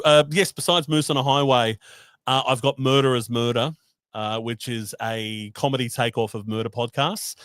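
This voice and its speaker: A man's voice: on the low side, fairly bright tone, dry recording, studio quality. A man, a guest on a live-streamed show, chatting casually and explaining things with amusement over a video call. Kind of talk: casual interview chat.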